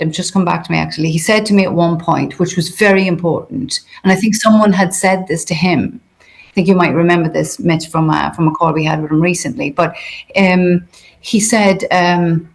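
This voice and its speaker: Low gravelly-voiced woman guest. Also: normal speed. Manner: hesitant, many fillers and restarts. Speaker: interview guest. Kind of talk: conversational interview.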